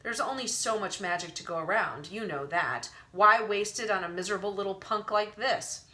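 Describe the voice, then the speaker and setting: A woman's voice: mid-range voice, moderate pace, pushed and bright, lightly acted. A woman voicing a cold, contemptuous witch-like woman who talks curtly and dismissively. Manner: dismissive, curt.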